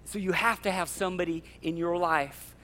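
A male pastor preaching a sermon, fired up and passionate, half yelling. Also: sits high, steady tone, normal speed. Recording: long hall reverb.

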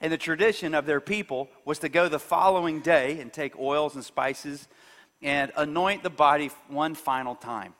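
A man preaching a sermon, retelling a story with sudden swings from soft to loud. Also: a little high, normal speed, in a large hall.

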